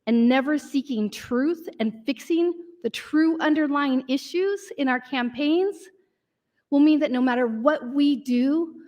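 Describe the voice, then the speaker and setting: Lady senator making her case on the floor, earnest, pushy tone, highish voice. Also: unhurried, darkish tone. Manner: earnest, insistent. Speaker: state senator. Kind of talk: floor debate speech. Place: legislative chamber.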